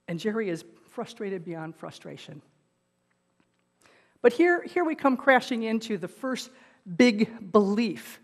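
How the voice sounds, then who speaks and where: A woman's voice: medium pitch, big-room sound. Woman pastor retelling a film in a sermon. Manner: storytelling, retelling a film scene; animated, rising and falling in loudness.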